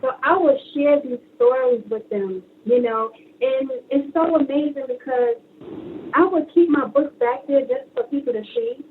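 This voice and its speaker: A woman with a high voice tells her stories in a lively way and acts out the other people's lines. She comes through a tinny phone line with faint noise behind her. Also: moderate pace. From Brooklyn, New York. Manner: animated storyteller acting out quoted dialogue, laughing and tearful at times. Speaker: guest author. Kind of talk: casual interview chat.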